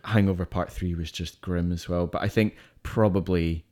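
During casual film chat, a podcast co-host enthusiastically runs through which movies worked for him and which didn't, with fillers throughout. His voice is low, steady and darkish, at normal speed.

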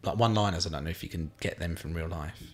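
Quick, playful Englishman. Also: low voice. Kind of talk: casual chat.

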